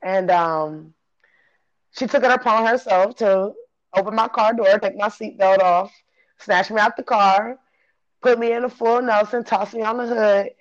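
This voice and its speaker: Animated woman swearing through a story, lo-fi. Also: mid-range voice, a little slow. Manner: animated, laughs often, swears, acts out what people said. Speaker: guest telling her story. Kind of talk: casual storytelling. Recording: dull lo-fi recording.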